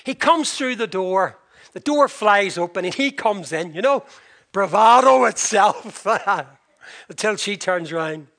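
A man's voice: high voice, animated, takes it slowly, creaky, a bit bright. A man preaching a sermon, animatedly retelling a scene and acting out its characters. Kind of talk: sermon storytelling.

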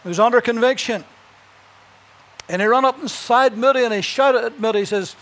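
A man's voice: extremely high pitch, a little fast, long pauses, a bit bright. A man preaching a sermon, telling Bible stories and building to emphatic punchlines, with chuckles between points.

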